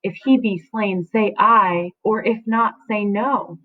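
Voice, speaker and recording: A woman's voice: mid-range voice, takes it slowly, natural voice. Woman reading as a pleading young lover, lo-fi. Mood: desperate. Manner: raised, earnest recitation. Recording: phone-like lo-fi audio.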